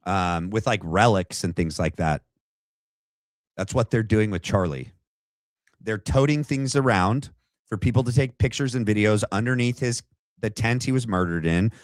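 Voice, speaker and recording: A man's voice: lowish voice, no echo. A man hosting a podcast, reacting to a clip in casual commentary, mocking and sarcastic, slangy and full of fillers. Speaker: podcast host.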